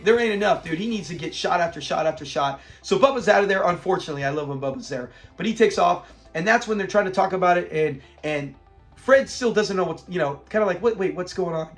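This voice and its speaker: A middle-aged man casually reviewing a sitcom episode, retelling scenes with laughter. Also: high-pitched. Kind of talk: casual commentary.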